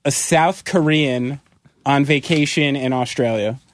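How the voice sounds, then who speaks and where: A man's voice: mid-range voice, unhurried. Teasing laid-back male host. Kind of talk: casual chat.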